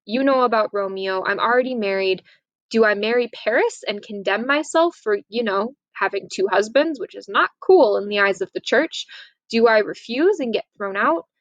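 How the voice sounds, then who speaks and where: A woman's voice: mid-range voice, animated, normal speed, dry recording, highs cut off, lightly acted. A woman voicing an upset, defiant teenage girl in a casual retelling. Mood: pleading.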